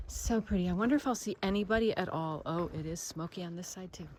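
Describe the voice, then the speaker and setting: A woman's voice: lowish voice, quick pace, few pauses. A woman filming a solo backpacking vlog, chatting to the camera as she hikes a mountain trail and cheering herself on. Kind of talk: casual on-trail video diary. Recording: outdoor trail recording with clear background noise.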